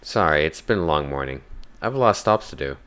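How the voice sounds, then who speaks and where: A man's voice: rumbling low, expressive, fast, a bit bright, clean tone. A man voicing a weary middle-aged mailman who sounds tired and strains to stay polite, within a horror story.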